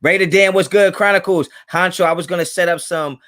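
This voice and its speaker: A man's voice: sits high, fairly even intonation, brisk, fairly bright tone. A man hosting a casual livestream from home, talking in laid-back slang and greeting chatters by name. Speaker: livestream host. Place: home, kids in another room.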